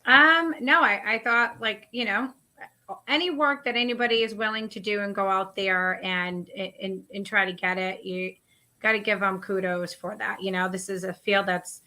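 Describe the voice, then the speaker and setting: A woman's voice: mid-range voice, fairly even intonation, normal speed, pushed and bright. A woman co-hosting a casual chat, speaking in an encouraging, reflective way. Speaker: co-host.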